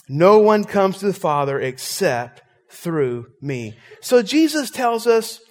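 A man's voice: sits high, long reverb tail. A man preaching a sermon as pastor, telling stories and making emphatic points to his congregation. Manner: storytelling, emphatic, animated preaching.

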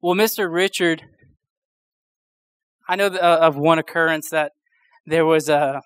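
A young man preaches in a loose, conversational sermon, rambling through a story with many fillers and false starts. His voice sits a little high, and the sound is close and dry with no room echo. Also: fairly even intonation, a little slow, a bit bright, smooth. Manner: chatty, rambling, full of fillers and restarts.

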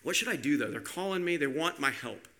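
A man's voice: a little high, animated, a little fast, bright, forceful tone, voice pushed down. A man voicing God as a hurt, weary male neighbor who chats casually and confides over the fence, in a sermon illustration. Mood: troubled.

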